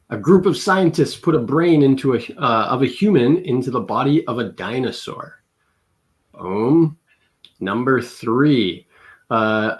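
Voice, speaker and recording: A man on a video call reading out game entries with mock-dramatic emphasis. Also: mid-range voice. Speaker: game show reader. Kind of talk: casual streamed chat, reading entries aloud.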